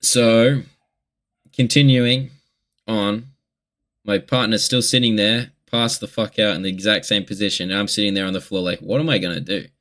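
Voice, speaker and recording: Young Aussie male vlogger with a lowish voice, rambling and swearing through a candid confessional. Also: steady tone, moderate pace, a bit bright. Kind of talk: casual confessional monologue.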